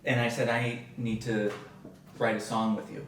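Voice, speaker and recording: A young adult man hosting a casual chat, telling stories with lively energy. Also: medium pitch, normal speed, slight background noise. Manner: animated storyteller. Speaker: host. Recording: roomy distant mic with faint background.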